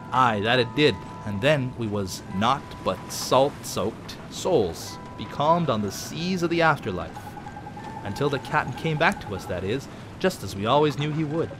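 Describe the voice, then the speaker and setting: A man's voice: mid-range voice, lightly acted. A man voicing a crew of ghostly male pirates with a growling, hammy drawl full of "arr". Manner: hammy, playful over-acting.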